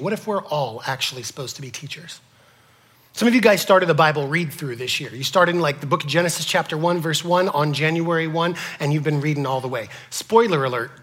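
A man preaching a sermon to his congregation, asking them questions and swinging from loud to whispered. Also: on the high side, breathy edge. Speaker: pastor.

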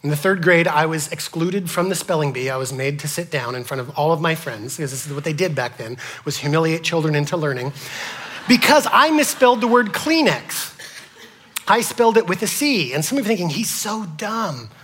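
A man preaching a sermon to his congregation, asking them questions and swinging from loud to whispered. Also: on the high side, lively intonation, fairly quick. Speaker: pastor.

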